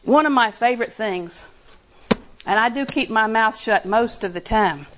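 A woman's voice: a little high, normal speed, noisy background. A woman preaching a sermon in a conversational way, laughing often and building emphasis.

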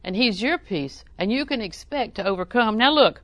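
A middle-aged woman preaching a sermon in a folksy, humorous way, often chuckling and breaking into loud acted exclamations. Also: on the high side, lively intonation, normal speed, no echo.

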